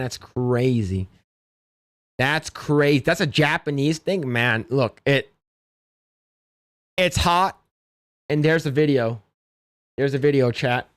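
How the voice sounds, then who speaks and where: A man hosting a casual livestream, reacting with loud exclamations and low mutters. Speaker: streamer and podcast host.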